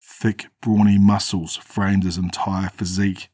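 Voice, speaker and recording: A man narrating a first-person horror story in a steady, grim way. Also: sits low, unhurried, dry recording, clean studio sound.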